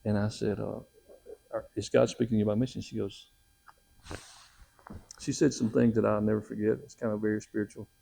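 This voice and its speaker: A middle-aged man casually telling his testimony as a missionary, animated and acting out the quotes in his story. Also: brisk, gravelly, pauses often, breathy edge. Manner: animated, acts out quotes with raised pitch.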